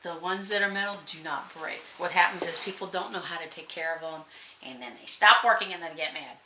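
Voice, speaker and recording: A woman's voice: fairly low pitch, fairly quick, sharp tone. A woman, hosting a casual sewing vlog from her sewing room, folksy and rambling with frequent laughs. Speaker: sewing channel host. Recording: echoey room, faint noise.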